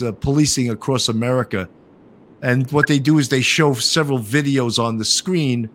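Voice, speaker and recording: A man's voice: mid-range voice, a bit bright. An older man hosting a casual podcast chat, rambling and repeating words as he starts his sentences. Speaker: podcast host.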